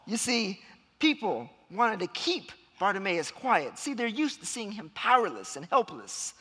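A man's voice: high voice, sing-song, measured pace, sharp tone, slightly rough. A man preaching a sermon in a church, telling a story dramatically and acting out the voices of the people in it. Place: church sanctuary. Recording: long hall reverb.

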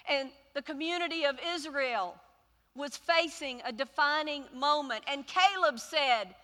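A woman pastor preaching a sermon, telling a story with pauses and building to loud, emphatic repetitions. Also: sits high, in a large hall.

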